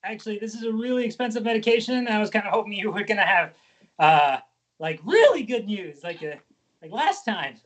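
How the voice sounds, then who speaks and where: An improv comedian in a sketch, flustered and hesitant, laughing as the words tumble out. A middle-pitched, everyday voice. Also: lively intonation, fairly quick, fairly bright tone, distant mic.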